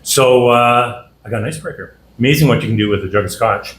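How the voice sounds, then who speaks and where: A man's voice: medium pitch, fast, a little hiss or hum. Folksy man telling stories in an echoey hall. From Canada. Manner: folksy, humorous, acts out the people in his stories. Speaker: after-dinner guest speaker. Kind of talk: anecdotal storytelling speech. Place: dinner hall.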